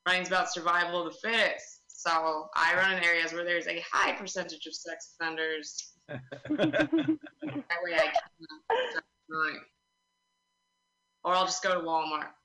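A young woman doing a stand-up comedy set, telling stories in a deadpan way with quick asides. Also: sits low, roomy sound, poor audio.

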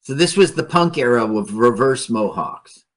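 A man's voice: medium pitch, expressive, normal speed. A man casually joking with a co-host over an old film, asking questions and putting on silly voices. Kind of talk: casual banter over a movie.

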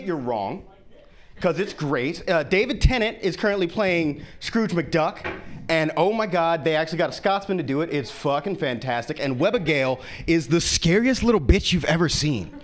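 A man doing a stand-up comedy set, profane and animated, jumping into quick character bits. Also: fairly high pitch.

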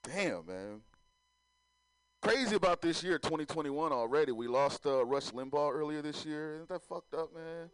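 Profane, lively stand-up comedian, a man. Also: fairly high pitch, moderate pace, clear, resonant tone, no room sound, low-quality recording. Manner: profane, loose, laughing at his own jokes.

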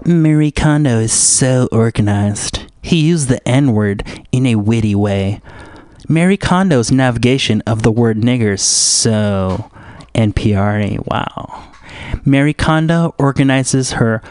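A man hosts a radio show from the studio, rambling through a profane, erratic monologue. His pitch swings widely as he jumps between mocking impressions. The sound is dry and close, with no room echo. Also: animated, slow, darkish tone, smooth.

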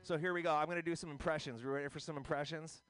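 A man hosts a loose comedic radio show, joking and rambling as he sets up bits and does silly voices and impressions. His voice is on the high side and steady in tone, racing along over music.

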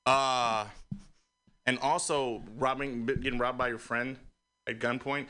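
A man's voice: mid-range voice, fairly even intonation, unhurried, pushed and bright. A man in a radio studio giving easygoing notes on a comic's joke. He speaks in a loose, supportive way and rambles through his restarts. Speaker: joke workshop critic. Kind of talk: casual feedback at a comedy workshop.

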